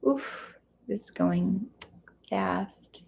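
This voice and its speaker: A woman's voice: mid-range voice, extremely slow, gravelly, a little mellow. A woman hosting a casual livestream, greeting viewers and reading their comments aloud in a chatty, friendly way. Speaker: livestream host.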